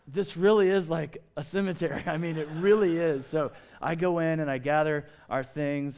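A middle-aged man and pastor, preaching a sermon with lively storytelling and big swings in pitch and loudness. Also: smooth.

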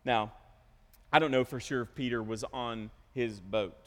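A male pastor preaching a sermon, with animated storytelling, self-interruptions and joking asides. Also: medium pitch, unhurried. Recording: long hall reverb.

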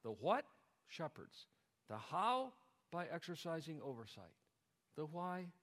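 A man preaching a sermon to his congregation, building to emphatic, forceful passages. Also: a little high, very animated, slow pace. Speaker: pastor. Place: church sanctuary. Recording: church hall with long reverb.

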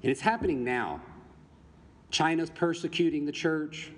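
A man's voice: on the high side, moderate pace. A man preaching a sermon to his congregation, putting rhetorical questions to them as he teaches from the Bible. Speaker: pastor. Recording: long reverb, faint background noise.

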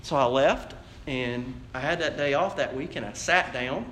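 Pastor preaching in an echoey church. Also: male voice, medium pitch, moderate pace, fairly bright tone, slight background noise. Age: adult, married. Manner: conversational storytelling preaching, direct address to the congregation. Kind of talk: sermon. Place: church sanctuary.

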